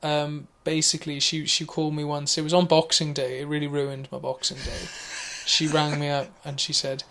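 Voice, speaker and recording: A young man co-hosting a podcast, telling a story in a loose, rambling way. He restarts his sentences, fills pauses with "um" and "you know", and swings between hushed asides and lively bursts. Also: on the high side, slight background noise. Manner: rambling, animated, laughing storyteller. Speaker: podcast co-host. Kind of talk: casual storytelling chat.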